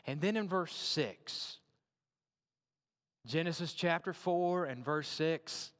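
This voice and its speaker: Male preacher, high-pitched, chatty sermon delivery; long church reverb. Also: slow pace, long pauses, a bit bright. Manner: conversational, repeats and checks in with "right?".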